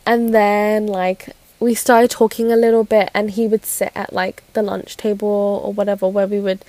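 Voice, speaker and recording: A woman's voice: medium pitch, darkish tone, no echo. A young woman telling a personal story in casual chat, giggly and rambling with many fillers and restarts. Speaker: podcast host.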